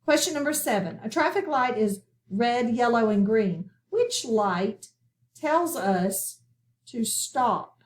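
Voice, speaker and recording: A woman teaching a phonics lesson to children, speaking slowly and clearly with patient classroom instruction. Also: a little high, expressive. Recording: echoey room, voice from far off.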